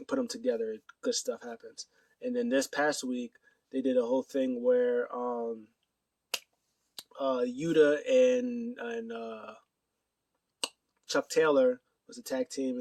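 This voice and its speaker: A man's voice: mid-range voice, dark tone, no echo, far from the mic. A man casually recapping wrestling news to his camera, rambling with many fillers and acting out quotes. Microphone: camera mic.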